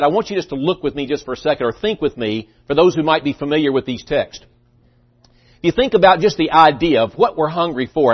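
An earnest male pastor delivering a sermon, emphatic and repeating himself as he builds his points. His voice sits a little high for a man. The recording is muffled and lo-fi. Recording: dull lo-fi recording.

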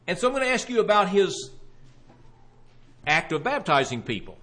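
A man preaching a sermon, retelling a Bible story with animated storytelling and voicing the questioners. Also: high-pitched, moderate pace.

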